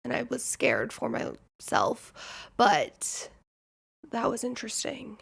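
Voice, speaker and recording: A Nebraska woman with a Midwestern American accent hosts a podcast, telling candid, rambling stories in casual chat and saying "like" a lot. Her voice sits on the high side, sing-song and gravelly with a breathy edge, and she takes it slowly.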